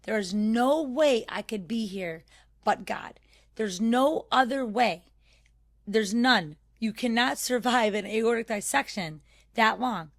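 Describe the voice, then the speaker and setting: A woman's voice: on the high side, takes it slowly. A woman guest on a podcast telling her personal faith story in an earnest, rambling conversational way, full of fillers and restarts.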